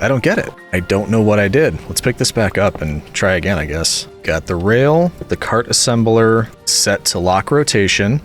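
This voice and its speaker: A young man with a fairly low voice narrates his gameplay in a relaxed, chatty way, with a pitch that rises and falls a lot. He talks to himself and to the game as he goes. Faint music plays behind him. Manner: talks to himself and the game, yelps when things go wrong. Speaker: gaming YouTuber. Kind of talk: casual let's-play commentary.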